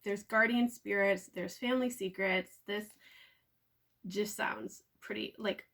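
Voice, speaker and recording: A young woman talking casually and excitedly about the books she bought, with plenty of "um" and "like.". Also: mid-range voice, measured pace, vocal fry. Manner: chatty, filler-heavy, excitable. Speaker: book vlogger. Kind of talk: casual book haul chat. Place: at home.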